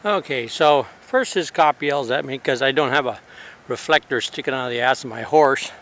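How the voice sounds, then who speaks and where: A man's voice: medium pitch, normal speed, a bit bright, slight background noise. A man traveling on horseback, talking outdoors in a rambling, hesitant, wry way for his travel diary. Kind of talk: casual spoken travel diary.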